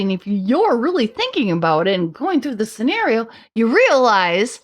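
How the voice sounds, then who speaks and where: A middle-aged woman on a podcast tells her story in a casual, animated way. Her fairly high voice bounces between quick asides and playful voices she puts on for herself and others. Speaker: podcast guest.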